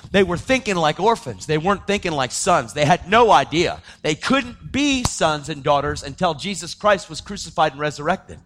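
Animated man telling his testimony. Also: a little high, normal speed, hardly any pauses. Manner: animated, acts out quoted voices, slips into shouts; casual slang, calls listeners dude. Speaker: preacher giving his testimony. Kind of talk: testimony sermon.

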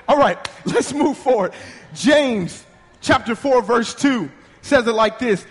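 Animated preacher, high-pitched man, call-and-response delivery; recorded with long church reverb. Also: slow pace, pauses often. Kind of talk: sermon.

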